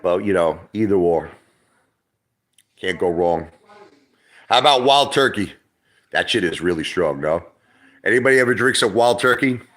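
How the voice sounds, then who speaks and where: A middle-aged New man with a very deep voice talks off the cuff on a livestream. His pitch leaps around as he rambles, curses freely and circles back over his own words. He comes across as loose and chatty. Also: animated, moderate pace, pauses often, fairly bright tone. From Brooklyn, New York. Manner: rambling, profane, repeats himself. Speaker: livestream host. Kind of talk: casual livestream chat.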